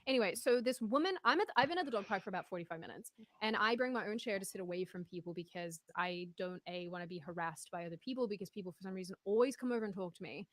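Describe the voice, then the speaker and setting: A woman tells a story in casual chat, animated and indignant. Her voice sits at a middle pitch. The sound is dry and close, with no room around it. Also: fast, few pauses, no echo.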